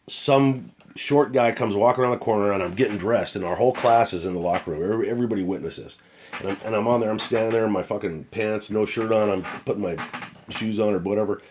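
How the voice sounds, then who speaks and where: Older guy telling old cop stories, husky low voice, swears a lot. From United States. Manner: blunt, profane, animated storyteller. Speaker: retired police officer telling stories. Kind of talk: casual storytelling.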